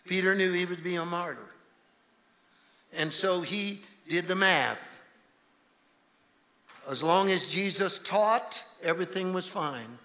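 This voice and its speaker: A man preaching a revivalist sermon as a guest preacher in a church, swinging from shouting to hushed intensity. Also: sits high, slow, long pauses. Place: church sanctuary. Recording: reverberant church hall, faint room noise.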